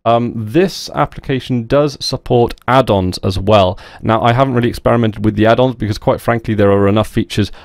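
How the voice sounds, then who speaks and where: A young man hosting a casual app walkthrough over a screen recording, chatty and relaxed with many fillers. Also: medium pitch, brisk, vocal fry, few pauses, no echo. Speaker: tech video host.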